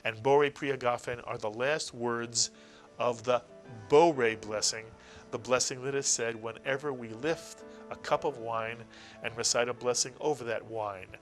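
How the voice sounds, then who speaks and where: A man's voice: mid-range voice, fairly even intonation, normal speed, faint music behind. A man teaching a recorded language lesson, patiently sounding out letters and syllables one at a time. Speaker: Hebrew teacher.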